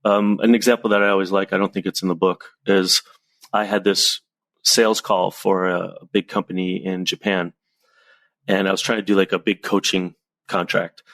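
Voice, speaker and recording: Low-voiced man telling lively stories. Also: normal speed, no echo. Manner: lively storyteller, animated anecdotes. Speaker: presentation coach, guest. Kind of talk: casual podcast conversation.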